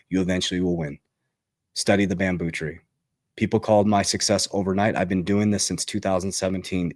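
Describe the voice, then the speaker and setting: An energetic man with a fairly low voice delivers a motivational talk on money. He punches his points and repeats them for emphasis. The sound is dry and close, with no room around it. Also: no room sound. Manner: emphatic, repeats key phrases, fired up. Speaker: finance coach. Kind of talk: motivational finance monologue.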